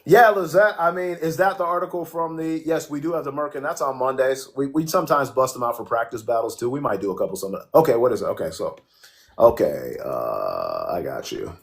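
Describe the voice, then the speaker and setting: A man's voice: on the high side, fairly even intonation, quick pace, hardly any pauses. Man, livestream host, casual chat, swears a lot, jokey, reads out viewer comments. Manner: profane, joking, reacts to chat.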